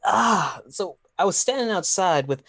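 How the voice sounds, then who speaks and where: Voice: mid-range voice, expressive, a little slow, creaky, fairly bright tone, heavily acted. A player voicing an earnest young man, a grown son, in a tabletop game, speaking hesitantly with lots of ums. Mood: flustered.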